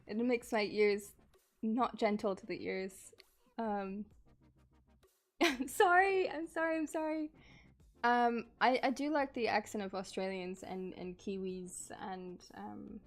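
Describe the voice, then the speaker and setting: A woman's voice: mid-range voice, measured pace, a little mellow. A woman streamer chatting casually while she sculpts, reading chat aloud, laughing often and apologizing.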